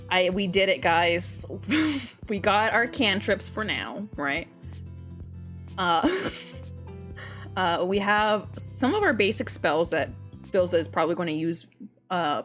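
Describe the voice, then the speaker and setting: A woman's voice: lowish voice, slow, pauses often, a bit bright, soft background music. A young woman chatting casually on a livestream, giggly and talkative, laughing often between her words. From raised in an English-speaking country by a Korean mother.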